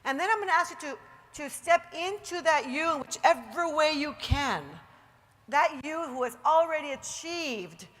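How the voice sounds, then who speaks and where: A woman giving an emphatic motivational talk to a live audience, later guiding a slow, soothing relaxation exercise. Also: sits high, expressive, a bit bright, big-room sound. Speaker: motivational speaker leading a guided meditation. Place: large hall with an audience.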